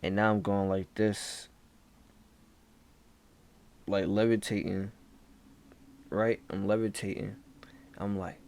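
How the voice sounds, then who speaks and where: A man telling a spooky story in a laid-back, hushed casual way, dropping "bro" often. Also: fairly low pitch, level tone, takes it slowly, pauses often. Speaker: vlogger.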